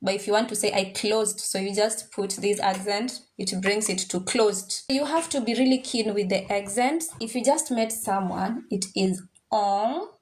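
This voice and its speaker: A woman teaching a French class, drilling pronunciations by slowly repeating each word. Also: mid-range voice, a little mellow. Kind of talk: classroom language lesson. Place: classroom with students.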